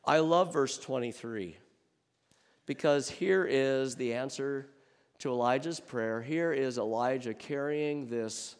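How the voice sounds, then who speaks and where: A male pastor preaching a sermon in an earnest manner, asking rhetorical questions and moving between louder and softer passages. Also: medium pitch, slow, clear, resonant tone, long reverb tail. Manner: earnest, with rhetorical questions and swings from loud to soft.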